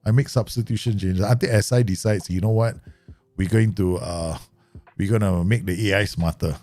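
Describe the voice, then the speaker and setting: A man's voice: fairly low pitch, fairly even intonation, moderate pace, dark tone, no echo. A man giving casual live commentary as he plays a football management game, rambling, swearing and laughing often. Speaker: game streamer.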